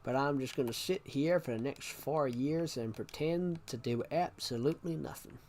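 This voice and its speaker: Man doing a bumbling US president, put-on drawl, mock-solemn speech, mid pitch. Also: normal speed, a little mellow, slight background noise, lightly acted.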